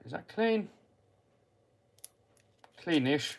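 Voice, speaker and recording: Speaking very slowly with lively intonation and vocal fry, an English man hosts a laid-back radio-control car live stream, reading viewer comments aloud and answering them in a friendly, chatty way as he works on a model car. His voice sits a little high for a man, and he sometimes lapses into a quiet mutter while handling a part.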